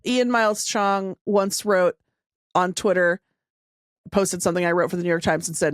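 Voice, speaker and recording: A woman co-hosting a podcast in casual chat, making wry, deadpan asides. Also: fairly low pitch, normal speed, no echo, studio quality. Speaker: podcast co-host.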